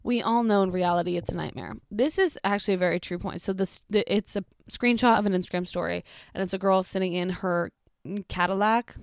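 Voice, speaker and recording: A young woman tears into posts one by one in a profane, sarcastic rant, her exasperation plain in every line. Her voice sits at an ordinary middle pitch. It comes across close and dry, with no room sound. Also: a little fast, smooth, no echo. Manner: sarcastic, exasperated, swears a lot. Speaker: commentary vlogger.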